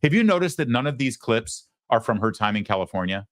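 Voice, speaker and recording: A man's voice: mid-range voice, very animated, fairly quick, dry recording, clean studio sound. A man hosting a show, giving opinionated political commentary with frequent stammered restarts. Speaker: host.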